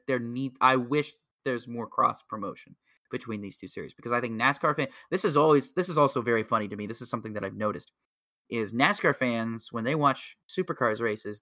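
A man talking on a casual podcast, rambling and excitable, with plenty of filler words. His voice is bright and forceful. The sound is close and dry, with no room around it. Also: medium pitch, no room sound. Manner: excitable, laughs at own jokes. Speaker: podcast co-host. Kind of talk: casual chat.

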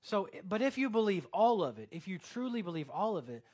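A man's voice: high-pitched, big pitch swings, fairly quick, darkish tone. A man preaching a sermon in a casual, conversational way, with lots of fillers and quoted asides. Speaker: pastor.

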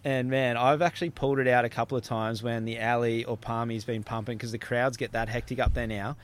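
A man's voice: medium pitch, fairly quick. A young Australian man from the Gold Coast telling stories in a casual podcast chat, swearing casually and acting out the people he quotes. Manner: animated, swears casually, acts out quoted voices.

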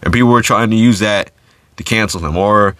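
Casual low-voiced man podcasting solo. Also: a little fast, fairly bright tone, no echo. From United States. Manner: casual, conversational, many fillers and restarts. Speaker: podcast host.

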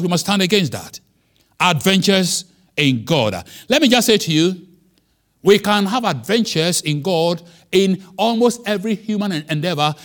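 A man preaching a sermon as pastor, emphatic, with wide swings in pitch and loudness.

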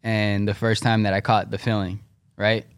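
A young man tells a skating story in a laid-back, slangy way. His voice sits on the low side, and the close mic makes it sound dry and near. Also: level tone, normal speed, clean tone, dry recording. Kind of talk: casual chat.

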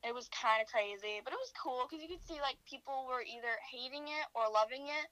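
A teenage girl guest chats casually, giggling often and hedging her thoughts. Her voice is bright and a bit high. The recording is close and dry. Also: a little fast, no room sound, low-quality recording. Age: teens. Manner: giggly, hesitant, full of fillers. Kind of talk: casual chat.

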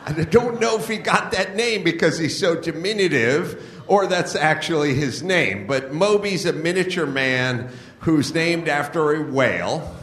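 A man's voice: on the high side, lively intonation, measured pace, a bit bright. A middle-aged man hosting a comedy podcast, delivering a blunt, profane, mocking rant to a live audience. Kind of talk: ranting live comedy monologue. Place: live show venue. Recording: echoey live venue.

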